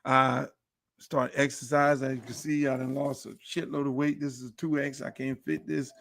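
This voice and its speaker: A man's voice: mid-range voice, flat delivery, normal speed, creaky, fairly bright tone, no room sound, clean studio sound. A middle-aged man hosting his own podcast, delivering a boastful, preachy monologue full of swearing. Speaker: podcast host. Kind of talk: profane monologue.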